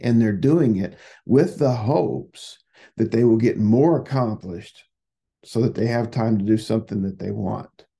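A man's voice: on the low side, unhurried, creaky, mellow, husky. A man who works as a psychotherapist, hosting a solo podcast in a rambling, conversational way that often repeats words.

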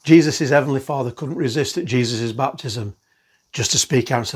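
A man's voice: medium pitch, normal speed, slightly rough. A man giving an online sermon in a conversational, earnest way, with frequent fillers. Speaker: pastor.

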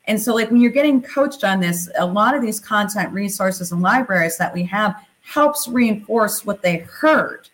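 Woman, interview guest, mid pitch, chatty, filler-heavy. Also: moderate pace, few pauses, poor audio. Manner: animated, leans on "you know" and "like". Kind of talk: conversational interview.

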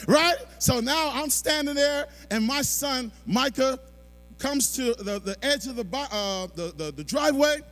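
A middle-aged male pastor preaching a sermon, moving from quiet storytelling to shouted exhortation. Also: extremely high pitch.

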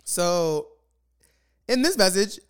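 A young man rants to his viewers in a storytime vlog, swearing freely and circling back over the same phrases. His pitch leaps and dips widely as he talks, and his voice comes through smooth and resonant. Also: sing-song, slow. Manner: profane, exasperated, repeats phrases. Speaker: vlogger.

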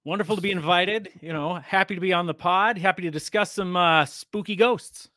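A young man talking as a podcast guest in a relaxed, technical way, with many hesitant pauses. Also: sits high, no room sound, clean studio sound. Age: young adult. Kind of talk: casual podcast chat.

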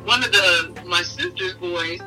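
A middle-aged woman, interviewed as a mother, telling fond family memories in an animated way and laughing often. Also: lowish voice, unhurried, soft background music. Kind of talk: casual storytelling in an interview. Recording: voice heard from a distance.

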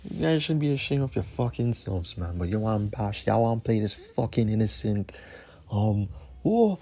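A man hosts his podcast alone, ranting angrily with heavy swearing. He hammers his points by repeating phrases again and again. His voice has a mellow, darker tone. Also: medium pitch, sing-song, moderate pace, husky. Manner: angry, profane, repeats phrases for emphasis. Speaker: podcast host. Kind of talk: heated solo rant.

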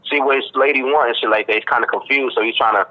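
A man from Boston, a rapper giving a relaxed interview in slangy talk full of fillers and "you dig.". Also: medium pitch, very fast. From Boston, Massachusetts. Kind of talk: casual interview chat. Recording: dull lo-fi line.

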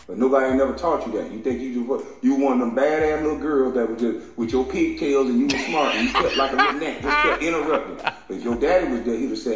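A man's voice: medium pitch, quick pace, hardly any pauses. A man delivering a profane, heated rant, taunting and mocking his targets and laughing between insults. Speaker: commentator. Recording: very echoey room with faint music.

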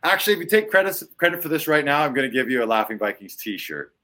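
A man's voice: mid-range voice, big pitch swings, fast talker, sharp tone. A man hosting a podcast, chatting casually and riffing animatedly on bits with his co-host.

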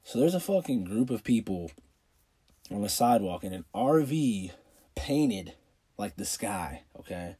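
Husky-voiced young man telling a profane story. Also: on the low side, very animated, unhurried, warm tone. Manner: profane, rambling, filler-heavy storytelling. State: coughing with a cold. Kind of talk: casual personal anecdote.

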